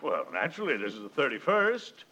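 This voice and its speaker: A man's voice: mid-range voice, big pitch swings, fairly quick, pushed and bright. An actor playing a pompous, bossy businessman client in a 1950s radio comedy. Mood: blustering. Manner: pompous, blustering, overbearing. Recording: old radio broadcast with faint hiss.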